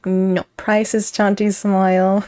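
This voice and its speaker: A woman's voice: mid-range voice, takes it slowly, dark tone. A young woman streaming, chatting casually with her viewers, rambling and breaking into giggles often. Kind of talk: casual chat with live chat.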